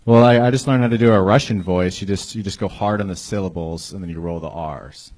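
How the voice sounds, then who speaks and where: A young man from Ohio, a comedy show guest, talking on stage in a flat, halting deadpan full of hesitations. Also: low-pitched. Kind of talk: casual chat on stage.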